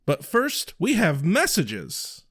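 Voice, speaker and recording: A man's voice: sits high, huge pitch swings, slow, fairly bright tone, breathy edge. A man hosting a podcast, reading promos and chatting playfully with his co-host. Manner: playful, teasing. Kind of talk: casual chat.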